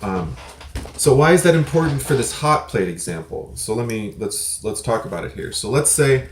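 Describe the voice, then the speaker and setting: A man's voice: mid-range voice, expressive, moderate pace, roomy sound, a little hiss or hum. A man hosting a casual video reply, explaining things in a rambling, self-correcting way with offhand swearing. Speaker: prepper channel host. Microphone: desk mic with some feedback.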